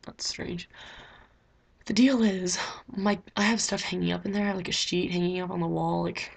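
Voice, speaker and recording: A teenage girl chats to her webcam in a loose, rambling diary vlog, piling on fillers as she goes. Her voice sits low for a girl, with a husky, gravelly edge. It sounds like a small bedroom recording. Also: fairly even intonation, brisk. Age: teens. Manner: chatty, rambling, lots of "like" fillers. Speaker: vlogger.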